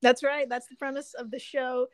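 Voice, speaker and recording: A woman hosting a casual podcast, excitable and swearing casually, laughing often. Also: high voice, normal speed. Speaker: podcast host.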